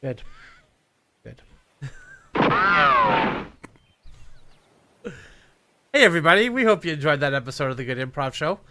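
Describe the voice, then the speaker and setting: A man's voice: fairly high pitch, big pitch swings, rapid-fire, hardly any pauses, background noise. A man hosting a comedy show, signing off with casual, dry sarcastic banter.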